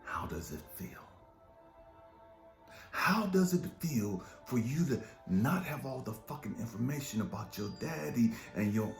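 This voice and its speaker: A man's voice: medium pitch, darkish tone. Intense, profane man, echoey room. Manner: profane, with repeated rhetorical questions. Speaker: life coach and speaker. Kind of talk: impassioned motivational monologue. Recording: echoey room with faint music.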